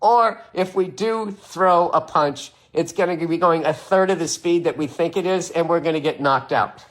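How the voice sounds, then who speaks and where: A man's voice: on the high side, normal speed. A man talking in a casual monologue, rambling and swearing with an incredulous edge.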